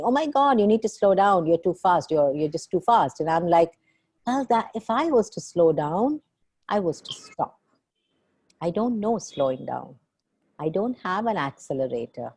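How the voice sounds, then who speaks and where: A woman leading a group coaching call as facilitator, energetic and gushing, acting out the voices she quotes. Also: deep voice, slightly rough, no echo.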